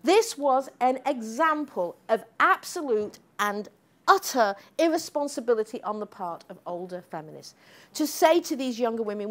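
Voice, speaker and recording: Speaking at a normal speed in a slightly high, animated voice, an older professor from the United States gives an emphatic public lecture with a sardonic edge, often tacking "okay?" or "right?" onto her points.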